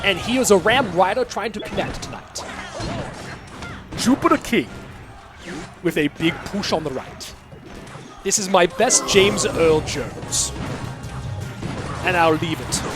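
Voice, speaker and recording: Caster doing a slow, theatrical male announcer over music. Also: sits high, lively intonation. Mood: grandiose. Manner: measured, dramatic delivery. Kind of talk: impression during live commentary.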